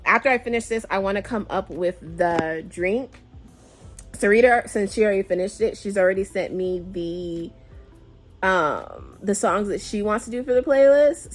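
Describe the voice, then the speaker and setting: Chatty, emotive woman discussing a book. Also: mid-range voice. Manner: chatty and emotive, with frequent sighs. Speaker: book club vlogger.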